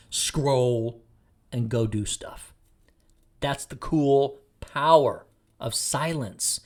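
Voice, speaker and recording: A man's voice: medium pitch, husky. A middle-aged man from Texas, a podcast host giving a blunt, jokey motivational monologue.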